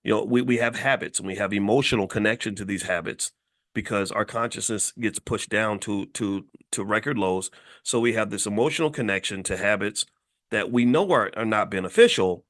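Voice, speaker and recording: Lowish in pitch and a bit bright, this brisk-paced middle-aged man hails from Louisville, Kentucky. He hosts as a commentator, lecturing bluntly in a casual monologue.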